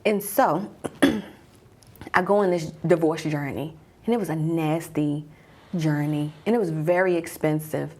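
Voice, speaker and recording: Husky woman telling a personal story. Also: low voice, unhurried. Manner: guided-imagery storytelling, hushed at tense moments. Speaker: mom coach.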